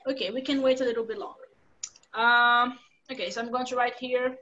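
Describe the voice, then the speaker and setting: High-voiced Brazilian woman teaching English. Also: moderate pace, a bit bright, highs cut off. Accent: Brazilian Portuguese. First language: Portuguese. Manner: patient explaining with examples and synonyms. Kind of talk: live online class teaching.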